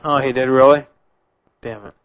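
A man's voice: mid-range voice, steady tone, normal speed. Pushy prank-calling male host, lo-fi. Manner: pushy, keeps tagging "man" onto lines. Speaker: radio show host making prank calls. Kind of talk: casual comedic banter. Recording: dull lo-fi recording with music behind.

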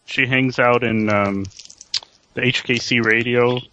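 Man, radio co-host; blunt and profane, with a sharp, bright tone. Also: mid-range voice, steady tone, unhurried, dull audio, a little hiss or hum. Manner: blunt, swears freely. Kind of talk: casual radio chat.

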